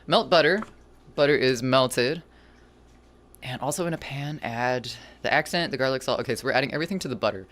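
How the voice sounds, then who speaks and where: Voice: medium pitch, brisk, fairly bright tone. A cooking streamer chatting casually with viewers while cooking, rambling and poking fun at their own mistakes. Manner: self-deprecating humor.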